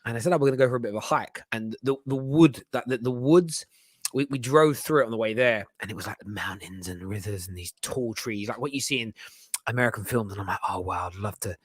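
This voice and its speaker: A man's voice: mid-range voice, quick pace, husky, dry recording. A man, co-hosting a casual podcast chat and rambling through anecdotes with restarts and slang. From England. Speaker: co-host.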